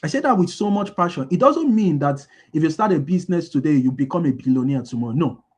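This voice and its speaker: Guy with a pretty high voice doing a motivational business talk, says stuff twice, quizzes the audience. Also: animated, fast, a little mellow, breathy edge. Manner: repeats key lines for emphasis; asks the audience call-and-response questions. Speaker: business speaker.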